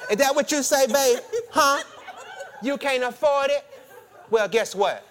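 A man putting on a teasing high-voiced wife. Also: measured pace, fairly bright tone. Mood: taunting. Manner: taunting, singsong, laughing.

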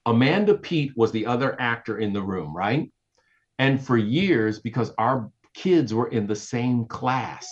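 A man telling a story in casual podcast chat, lively and acting out what people said. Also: slightly rough, lo-fi sound. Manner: animated, acts out quotes with big pitch jumps. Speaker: guest, entertainment reporter.

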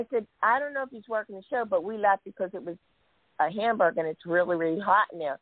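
A woman's voice: mid-range voice, fast talker, no echo. A woman in casual chat, telling anecdotes and acting out the quoted people. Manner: storyteller, acts out quotes. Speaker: guest telling stories. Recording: dry, phone-like sound.

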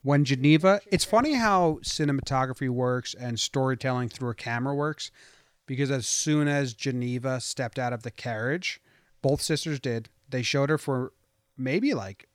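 A man's voice: mid-range voice, normal speed, no room sound. Chatty man co-hosting a podcast. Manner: rambling, chatty, laughs often. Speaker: podcast co-host. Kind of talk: casual chat about a TV show.

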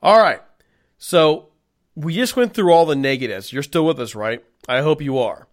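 Male podcast co-host, mid-pitched, chatty and animated, quick to laugh. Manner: animated, laughs easily, teasing. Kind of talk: casual sports podcast chat.

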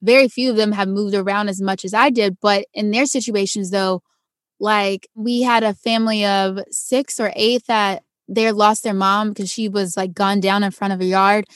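A young adult woman, an actress and stuntwoman, telling her story in a casual interview and acting out quoted voices with big jumps in pitch. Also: fairly even intonation, normal speed, dry recording, clean studio sound.

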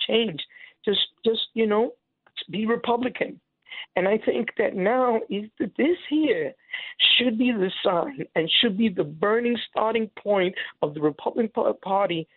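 A man calling in to a radio show, emotional and impassioned, halting with many restarts over a tinny phone line. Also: high-pitched, no echo. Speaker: caller. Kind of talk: call-in radio caller.

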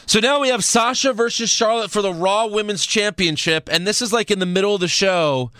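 A man hosting a casual chat, recapping events in a relaxed storytelling way. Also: high-pitched, a little fast, clean tone, dry recording. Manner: laid-back storytelling recap, acts out quotes. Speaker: podcast host recapping wrestling.

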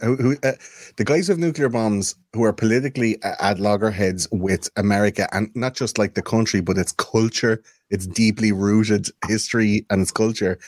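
A man's voice: lowish voice, a little mellow, no echo. A young man chatting casually on a podcast, rambling, swearing freely and hunting for words. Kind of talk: casual chat.

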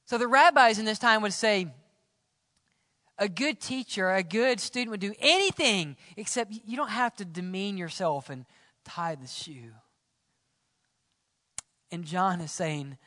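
Preaching man with dramatic hushed drops. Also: high voice, measured pace, dry recording, clean studio sound, long reverb tail. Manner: dynamic preaching, swinging from loud exclamations to hushed whispers. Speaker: pastor. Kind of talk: sermon. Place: church.

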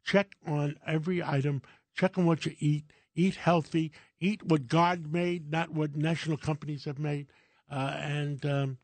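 A man's voice: on the high side, fairly even intonation, measured pace, no room sound. A man in his seventies, co-hosting a radio show, giving folksy and opinionated advice in casual talk. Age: 70s. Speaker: radio co-host.

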